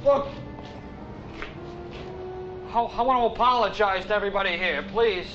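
An actor playing a panicked man pleading and apologizing in a film scene, roomy dull film audio with clear music behind. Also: high voice, normal speed, close to an everyday voice.

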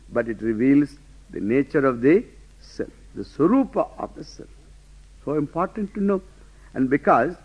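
A high-pitched man teaches in a lecture, stressing points and throwing questions at his listeners. The sound is muffled and lo-fi, like an old class recording. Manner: rhetorical questions, emphatic, laughing asides. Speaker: Vedanta teacher.

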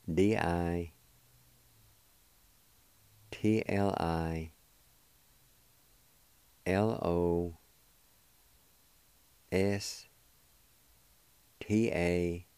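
Slow, deliberate low-voiced man teaching words. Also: steady tone, mellow, smooth, no room sound. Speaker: radio host teaching language. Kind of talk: radio language lesson.

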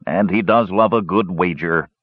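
A man voicing a gruff, boastful old male dwarf who mumbles, sighs heavily, and roars when pushed. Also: low-pitched, normal speed, no echo, phone-quality sound. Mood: rambling. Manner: roaring, sighing, mumbling.

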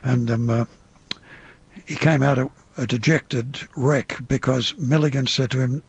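A man's voice: medium pitch, moderate pace, breathy edge, no echo. An older man with an Australian accent, telling showbusiness anecdotes in an interview with rambling restarts and quoted voices. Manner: rambling raconteur, hesitant restarts, mimics others in quotes. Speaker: interview guest, veteran entertainer.

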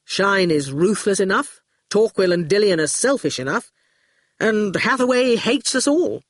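An audiobook reader voicing Archer, a cheerful, scheming grown man who turns to threats, with lively, raised speech. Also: mid-range voice, a little slow, no echo, studio quality. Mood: breezy. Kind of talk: audiobook character voice.

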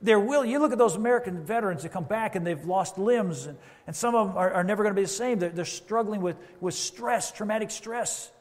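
A man's voice: sits high, brisk, few pauses. A man preaching a sermon as pastor, conversational, with asides and quoted voices. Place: church sanctuary. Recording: reverberant church hall.

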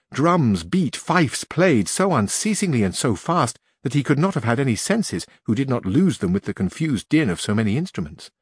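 A man narrating a classic novel as an audiobook in a measured, expressive storytelling manner. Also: medium pitch, husky, no room sound, studio quality.

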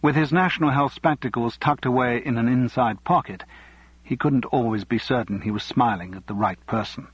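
A man reading a novel aloud as narrator, in a measured, even way. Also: medium pitch, husky, dry recording, lo-fi sound. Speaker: audiobook narrator. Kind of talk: scripted narration.

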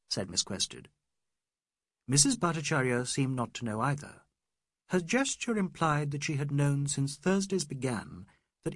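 A man reads a novel aloud in a measured, literary way. His husky voice swings widely in pitch across each sentence, and the recording is dry and close with no room sound. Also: dry recording. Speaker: audiobook narrator. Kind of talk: scripted narration.

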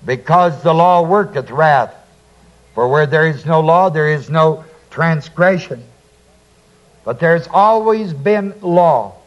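A man's voice: a little high, lively intonation, lo-fi sound. A man teaching through a Bible passage verse by verse, reading scripture aloud and then explaining it. He asks his listeners to fill in key words. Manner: slow, deliberate, quotes scripture then explains. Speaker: preacher.

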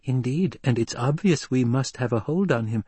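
A man voicing a cunning, scheming noblewoman in an audiobook, speaking soft, hushed and measured. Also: medium pitch, expressive, breathy edge, dry recording, pitched above the performer's own voice. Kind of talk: audiobook character voice.

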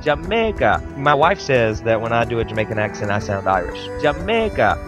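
A man's voice: lowish voice, fast talker, music in the background. A married man in casual banter, playful and teasing. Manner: playful, teasing, mock accents. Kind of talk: casual group chat.

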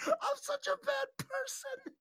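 Excitable, high-voiced man hosting a podcast. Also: slow pace. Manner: excitable, profane, laughing a lot. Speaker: podcast host. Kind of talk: casual livestream podcast chat.

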